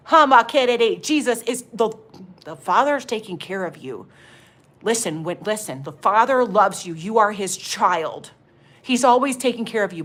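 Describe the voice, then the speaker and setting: A middle-aged woman minister telling a lively faith testimony and prophesying over listeners, calling them honey. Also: mid-range voice. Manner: animated storytelling, exclamatory, addresses listeners as honey.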